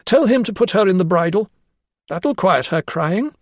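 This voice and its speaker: A woman's voice: mid-range voice, big pitch swings, normal speed, vocal fry, a little mellow, breathy edge, no room sound, clean studio sound, pitched above the performer's own voice, full character voice. A man voicing a cruel, commanding Georgian lady. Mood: furious. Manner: harsh, barking commands. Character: cruel, cold-hearted 18th-century lady of the house.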